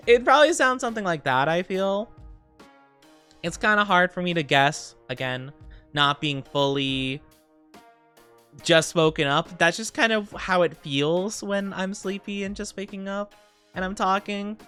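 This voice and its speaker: A young adult woman streaming live, chatting casually and greeting viewers by name, a little tired and quick to giggle. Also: fairly low pitch, fairly bright tone, smooth, faint music behind. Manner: chatty, reads viewer comments aloud and greets them, giggly.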